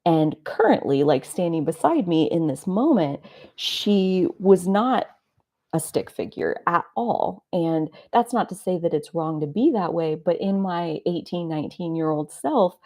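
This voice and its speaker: On her astrology live stream, a woman in her 30s speaks a little slowly in a low, darkish but animated voice. Her reflective stories ramble in a confessional way, heavy with "like" fillers, picked up by her live stream mic.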